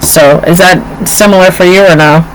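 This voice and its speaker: Lively storytelling woman, lowish voice. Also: normal speed, a little hiss or hum, poor audio. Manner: animated storyteller, acts out quotes. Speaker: podcast co-host. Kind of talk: casual chat.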